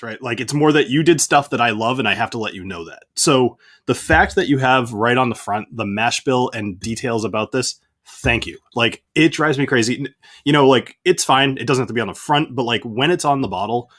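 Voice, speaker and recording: A man's voice: mid-range voice, fairly bright tone. A man hosting his whiskey channel, talking casually and enthusiastically with lots of "like" fillers. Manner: enthusiastic, chatty, frequent fillers like "like". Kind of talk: casual conversational interview.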